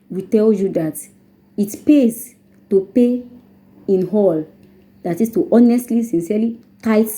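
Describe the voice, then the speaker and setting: Dark-voiced woman teaching scripture. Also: mid-range voice, rough recording. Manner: deliberate, slows to stress key words. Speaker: preacher. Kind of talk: Bible teaching.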